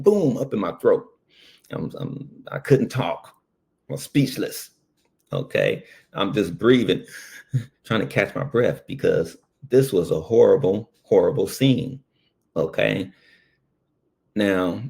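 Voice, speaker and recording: Creaky and fairly low, this man's voice recounts a personal story from his time as an ambulance worker. He's animated and casual, wandering into asides and using plenty of fillers.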